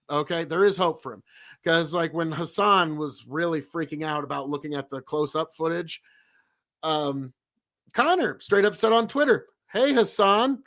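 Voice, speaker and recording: This male streamer's voice is slightly higher than typical for a man and a bit bright. He addresses his live chat emphatically, wandering off and returning to the same points to drive them home.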